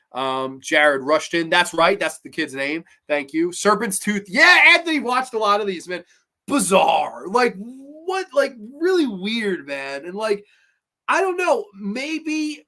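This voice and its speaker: Man, high voice, casual rambling review, profane, filler words, mimics characters. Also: bright, forceful tone. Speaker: host reviewing horror episodes.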